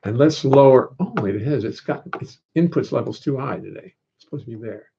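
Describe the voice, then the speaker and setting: Gravelly older man rambling on a livestream. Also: medium pitch, animated, fairly quick, warm tone, slight background noise. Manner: rambling, wry, reads viewer comments aloud. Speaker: musician hosting a livestream. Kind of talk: casual livestream chat. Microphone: computer audio input. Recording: dull lo-fi livestream audio.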